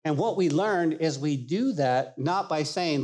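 A man preaching a sermon as pastor, animated and emphatic, acting out the people he quotes. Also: on the high side, unhurried.

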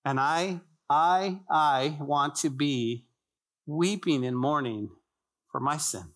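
A man's voice: a little high, takes it slowly, fairly bright tone. A male pastor preaching a sermon in a church, emphatic and repetitive, with rhetorical questions and joking asides to the congregation. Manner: conversational asides and jokes to the congregation.

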